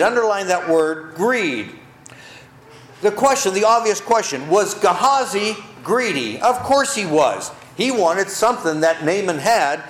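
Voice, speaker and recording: A man's voice: a little high, roomy sound. A man preaching a sermon to his congregation, emphatic, asking the listeners questions and answering them himself. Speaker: pastor. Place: church.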